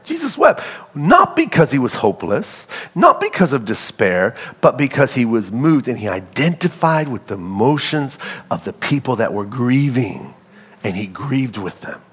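A man's voice: mid-range voice, moderate pace, husky. A middle-aged man preaching a sermon, calling out to the congregation and acting out little scenes in a loose, conversational way. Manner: call-and-response preaching, animated and conversational. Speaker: pastor.

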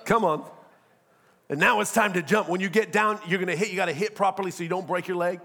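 Male pastor, higher register, sermon with comic asides. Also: steady tone, moderate pace, long pauses, pushed and bright. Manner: preaching with humor and acted-out asides.

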